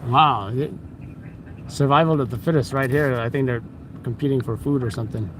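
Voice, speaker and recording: A man's voice: mid-range voice, normal speed, a little hiss or hum. A man giving chatty, wry running commentary while filming live on a city street at night. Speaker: street news videographer.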